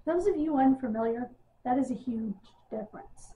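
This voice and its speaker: A woman's voice: sits high, moderate pace, mellow. A woman giving a casual, exasperated wrestling news rant, sarcastic and full of ums. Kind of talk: casual ranting monologue. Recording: tinny phone-like audio.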